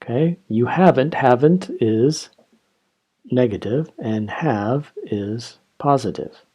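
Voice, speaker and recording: A man gives an English grammar lesson at an unhurried pace. His voice is mellow and a little husky. He explains each point and reads short example dialogues aloud. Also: medium pitch. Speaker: English teacher.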